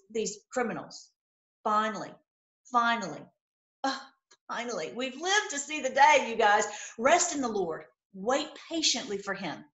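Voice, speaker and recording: A middle-aged woman with a fairly high voice preaches from scripture, reading a verse and then pressing the point with repeated lines. She breaks into excited exclamations. The room around her is echoey and reverberant. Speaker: online Bible teacher.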